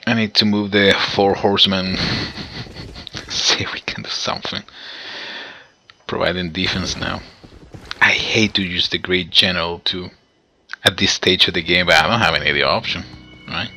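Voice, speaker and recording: A man narrates his own strategy gameplay in a deep, husky voice. His delivery is intensely forceful and excitable, and he keeps addressing his viewers directly. He chuckles often as he goes. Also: moderate pace, pauses often. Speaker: gameplay commentator. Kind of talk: let's play commentary.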